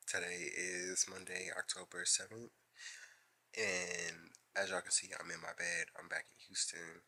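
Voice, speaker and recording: A man's voice: deep voice, creaky, sharp tone. Chatty young man vlogging from bed. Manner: chatty, lots of "like" and "um". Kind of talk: casual vlog to camera. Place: in bed at home.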